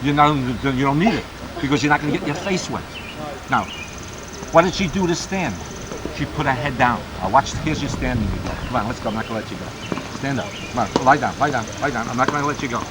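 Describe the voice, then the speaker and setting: A man teaching a child to swim at a camp pool, giving brisk, commanding directions with bursts of encouragement while explaining his method to watching staff. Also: mid-range voice, animated. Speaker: swim instructor. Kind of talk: poolside swim coaching and demonstration. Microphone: camcorder mic. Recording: noisy 1990s camcorder audio.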